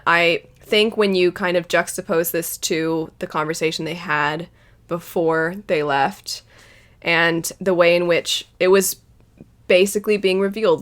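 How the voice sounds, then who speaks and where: A woman's voice: fairly low pitch, fairly bright tone. A young woman hosting an anime reaction, talking casually and emotionally, rambling and acting out lines from the scenes. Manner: emotional, rambling, quotes scenes in little voices.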